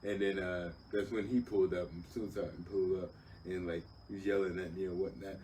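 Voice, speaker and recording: A man telling a story in casual chat, animated and profane, heard slightly off mic. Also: low voice, a little fast, distant mic, a little hiss or hum. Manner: animated, profane, acts out other voices. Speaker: podcast guest, older brother.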